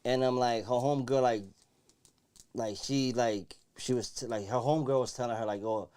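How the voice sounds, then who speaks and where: A man's voice: mid-range voice, steady tone, moderate pace, a little mellow, clean tone. Man, podcast host, emphatic, keeps checking the listener is with him. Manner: emphatic, repeats "you know what I'm saying". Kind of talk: casual chat.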